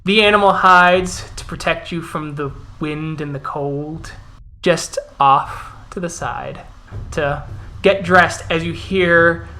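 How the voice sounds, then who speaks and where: A man narrating as storyteller of a tabletop role-playing game, describing scenes in an unhurried way. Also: on the high side, bright, forceful tone, slight background noise.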